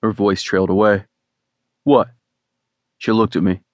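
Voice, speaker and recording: A man narrating a first-person romance audiobook in a relaxed, wry way. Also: fairly low pitch, fast, no room sound.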